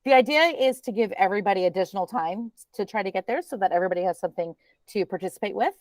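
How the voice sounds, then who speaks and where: A woman presenting a teacher training webinar in a chatty, relaxed way, with many ums. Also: mid-range voice, rapid-fire, dry recording.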